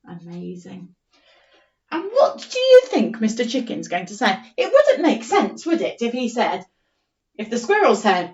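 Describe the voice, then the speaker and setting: A woman's voice: on the high side, huge pitch swings, echoey room, distant mic, dull audio. A woman teacher reading a story to young children and sounding out letters in an online lesson. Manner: slow, sing-song story reading with phonics sounding out. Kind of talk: remote primary school story lesson.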